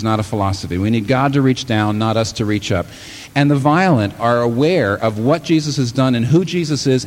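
Man preaching, lively swooping pitch, faint background hum, dramatic sermon delivery. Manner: animated preaching, voicing Jesus and imagined listeners, rising to exclaim.

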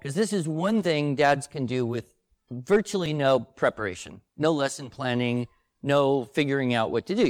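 Older man, co-host, relaxed conversational delivery, dry sound. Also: medium pitch, no echo. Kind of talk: casual conversation before a live audience.

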